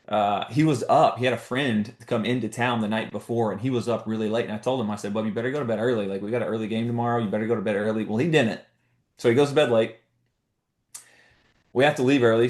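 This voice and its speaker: A man in the middle of a motivational talk, his pitch sitting at an ordinary middle level. He drives his points home with urgent questions and short repeated phrases, and his voice carries a roomy echo. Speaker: motivational speaker to a business team.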